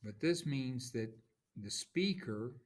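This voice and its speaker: Slow, halting male teacher. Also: mid-range voice, expressive. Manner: slow, halting, with many pauses and restarts; taps out rhythms aloud. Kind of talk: classroom lecture.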